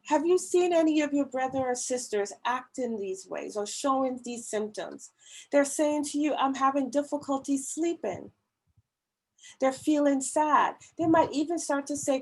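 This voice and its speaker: A woman's voice: high-pitched, low-quality recording. A woman speaking in a church women's ministry service, earnest and emphatic as she urges listeners to hear those in need. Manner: slow, earnest, emphatic pleading. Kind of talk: church talk on mental health. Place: church service, online meeting.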